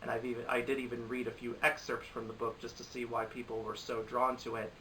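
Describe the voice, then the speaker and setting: A man's voice: medium pitch, little pitch movement, quick pace, fairly bright tone, distant mic, a little hiss or hum, low-quality recording. A man giving casual, rambling, exasperated commentary on bad movies, often restarting his sentences. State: recovering from a cold. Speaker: movie reviewer.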